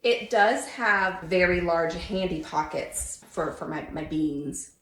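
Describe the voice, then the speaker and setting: A woman's voice: lowish voice, slow pace, a bit bright, reverberant. A woman giving casual comedic commentary with wry, self-mocking asides. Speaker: comedy content creator.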